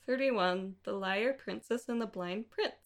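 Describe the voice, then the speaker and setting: A woman's voice: medium pitch, unhurried. Giggly woman ranking games. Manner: giggly, self-deprecating. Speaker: podcast co-host. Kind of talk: casual chat, ranking games.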